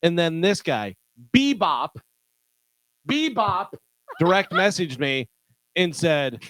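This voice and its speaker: Male radio co-host, mid-range voice, animated storyteller, close dry studio mic. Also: on the high side, a little slow, dry recording. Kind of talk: morning radio banter. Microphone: studio microphone.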